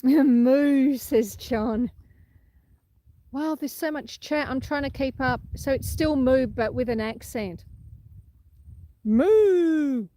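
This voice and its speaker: Standing on a windy farm, an Australian woman runs a relaxed livestream, chatting, laughing, reading comments out and saying hello to viewers by name. The recording is dry, and her voice is high-pitched, a little mellow, and a little slow.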